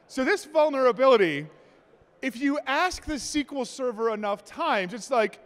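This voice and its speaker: A man giving a conference talk, telling jokes and acting out stories in an animated way. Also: extremely high pitch, brisk. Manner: animated, joking storyteller. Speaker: conference presenter. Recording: long hall reverb.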